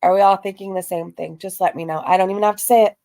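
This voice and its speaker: A woman's voice: mid-range voice, fairly even intonation, fast talker, creaky, mellow. A woman hosting a reaction video, making sarcastic, mocking remarks and reading out chat comments.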